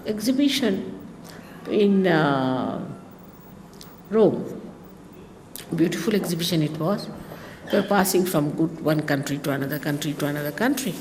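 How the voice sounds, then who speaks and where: A woman's voice: a little high, a little mellow. A woman tells wandering stories to listeners, breaking off for exclamations and asides. Her voice carries a long reverb, as if recorded in a big hall. A faint noise sits under it. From India. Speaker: speaker giving a talk. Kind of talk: anecdotal storytelling talk.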